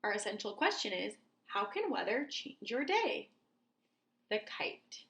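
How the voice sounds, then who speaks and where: A woman teacher speaking slowly and clearly to young children in a reading lesson, leading the class through words to repeat. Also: mid-range voice, big pitch swings, fairly bright tone. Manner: slow, clear and encouraging, like a teacher to small kids.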